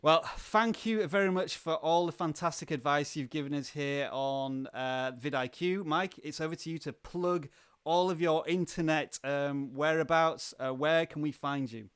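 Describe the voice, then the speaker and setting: An enthusiastic man hosts a livestream interview, chatty and prone to halting restarts. His voice sits a little high for a man. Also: fairly bright tone, clean tone. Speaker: livestream host. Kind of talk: casual interview chat.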